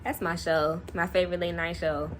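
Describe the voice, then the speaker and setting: A young woman vlogger casually telling a personal story to camera, animated and laughing often. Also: fairly low pitch, moderate pace, a little hiss or hum. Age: young adult.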